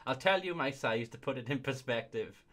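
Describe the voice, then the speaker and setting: A young man reads silly reviews off his computer at home and keeps cracking himself up. His voice is bright and a little tense, pitched at an ordinary male level. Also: lively intonation, brisk, a little hiss or hum. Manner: giggly, keeps breaking into laughter. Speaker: video host. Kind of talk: casual comedic commentary reading reviews aloud.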